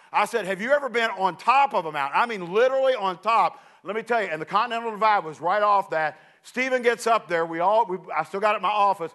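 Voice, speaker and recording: A middle-aged man preaching, telling a story with lively delivery and acting out the other people's voices. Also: high-pitched. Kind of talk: sermon illustration.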